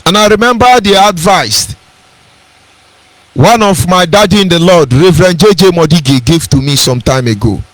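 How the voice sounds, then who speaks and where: A man's voice: high-pitched, normal speed, fairly bright tone, no room sound. A man with a Nigerian accent giving an impassioned, preacherly radio address and repeating his key phrases. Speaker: radio broadcaster.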